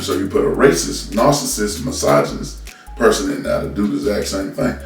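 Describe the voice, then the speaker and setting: A man's voice: fairly low pitch, normal speed, faint music behind. A man ranting bluntly and scolding his listeners, stumbling over repeated words as he talks into a phone from a distance. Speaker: commentary host. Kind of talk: unscripted political rant. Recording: roomy, from a distance off the mic.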